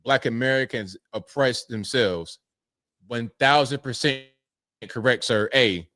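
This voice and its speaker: A man's voice: medium pitch, unhurried, background noise. A man hosting a casual livestream, thanking viewers one by one and answering their comments in a laid-back way. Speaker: livestream host reading super chats.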